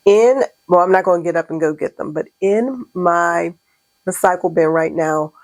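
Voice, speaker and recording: A woman's voice: fairly low pitch, normal speed, no echo, poor audio. A middle-aged woman who owns a small business, chatting casually to camera in her studio and telling a story with lots of laughs and acted-out reactions. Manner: animated storytelling, laughs often, acts out her own reactions. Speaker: small business owner vlogging. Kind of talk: casual vlog chat. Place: home studio.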